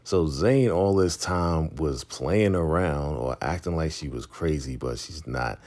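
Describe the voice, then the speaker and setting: A man's voice: very deep voice, a little slow, darkish tone. A man casually recapping a TV episode, retelling scenes and acting out the characters' lines. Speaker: TV show recap host.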